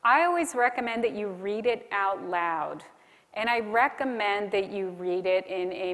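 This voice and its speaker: A woman's voice: mid-range voice, measured pace, a bit bright. Woman giving a keynote in a hall. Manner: friendly, practical, instructive. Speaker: keynote speaker. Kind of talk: conference keynote talk. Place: conference hall. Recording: reverberant hall.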